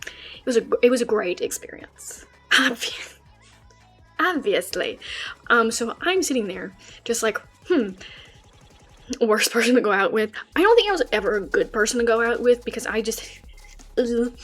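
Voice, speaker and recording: A young woman streamer telling a casual story, animated and swearing freely. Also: a little high, normal speed, long pauses, soft background music.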